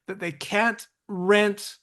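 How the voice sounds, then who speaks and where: A high-pitched man co-hosting a casual podcast. He works through his point in halting stops and starts and repeats words as he goes. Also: level tone, bright, forceful tone. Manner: halting, repeats words while building an argument. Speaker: podcast co-host and producer.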